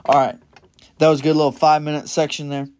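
A young man giving a casual, earnest Bible-study sermon as a podcast preacher, getting louder in bursts of excitement. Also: fairly high pitch, fast talker. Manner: earnest and enthusiastic, rising to loud bursts of excitement.

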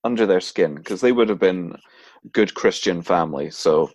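A man's voice: low-pitched, moderate pace, darkish tone, no room sound, muffled recording. A man co-hosting a podcast, casually telling a spooky folklore story, laughing often and putting on silly voices for the characters. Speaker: podcast co-host.

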